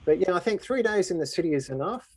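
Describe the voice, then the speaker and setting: A man's voice: sits high, animated, fast, dry recording. An Australian man, a tour guide, answering questions in an easygoing, explanatory way. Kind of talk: casual Q&A answers.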